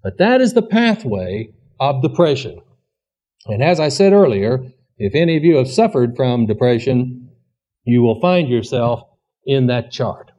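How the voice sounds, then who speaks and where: Guy preaching a sermon, plainspoken and earnest, warm dark tone, kinda muffled old recording. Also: medium pitch, big pitch swings, a little slow. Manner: earnest, plainspoken teaching with rhetorical questions. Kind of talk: sermon-style teaching. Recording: dull lo-fi recording.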